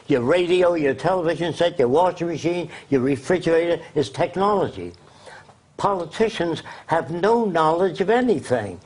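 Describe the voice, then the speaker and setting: A man with a husky, slightly high voice holds forth as an interview guest. He is blunt and emphatic, firing off lists of points in a lecturing rhythm that barely pauses for the interviewer. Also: a little mellow. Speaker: interview guest, social designer.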